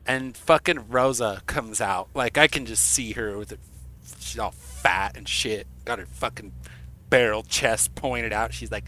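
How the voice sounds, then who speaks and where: A young man streaming to his chat, telling a rambling, profane story in a casual, animated way. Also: medium pitch, moderate pace.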